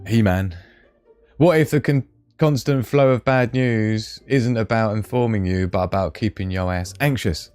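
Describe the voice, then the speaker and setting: A man's voice: lowish voice, a little slow, darkish tone, smooth, dry recording, faint music behind. A middle-aged British man hosting a live stream, reading viewer comments aloud in a jokey, chatty way and laughing often. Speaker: livestream host.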